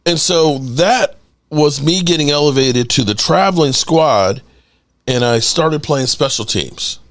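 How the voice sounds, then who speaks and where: A middle-aged man hosting a casual livestream podcast, telling a story in an animated way, acting out quotes and swearing casually. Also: mid-range voice. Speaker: podcast host.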